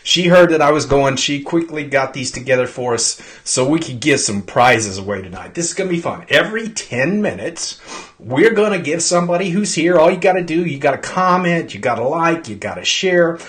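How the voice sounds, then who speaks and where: A man hosts a chatty live stream, greeting viewers by name as he rambles on. His throat is clogged from pollen, yet his slightly high voice jumps around with eager energy. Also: expressive, moderate pace, fairly bright tone. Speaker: host.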